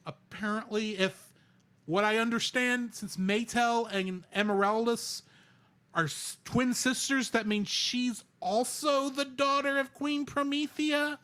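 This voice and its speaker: A man co-hosting a podcast, chatting casually in an animated, rambling way. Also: very high-pitched, measured pace, clean tone. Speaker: podcast co-host. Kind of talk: casual chat.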